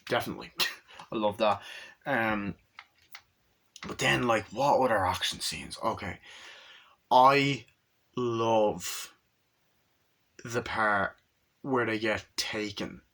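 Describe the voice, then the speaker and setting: A young man with a bright, forward voice chats through a movie review. He rambles and swears as he retells the scenes, and he jumps into quick impressions of the lines. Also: on the low side. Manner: rambling, profane retelling of scenes, acting out quotes. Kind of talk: casual movie review chat.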